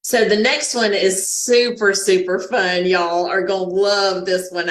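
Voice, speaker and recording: Southern woman, 50s, folksy webinar guest, lowish voice, roomy video-call sound. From Georgia, US. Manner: folksy, uses y'all. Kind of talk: casual chat on a webinar.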